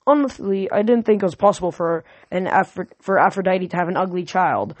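A reader voicing a defiant teenage girl, the daughter of a goddess, talking in a sharp, exasperated way. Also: medium pitch, fairly quick, dry recording, natural voice. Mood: snapping.

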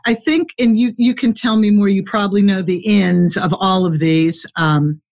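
A woman hosting a casual podcast interview, chatty and quick to laugh. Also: mid-range voice, darkish tone. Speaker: podcast host.

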